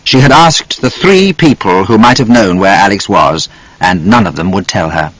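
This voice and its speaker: A man narrating an audiobook in an expressive, measured storytelling manner. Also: deep voice, no room sound, poor audio. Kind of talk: scripted narration.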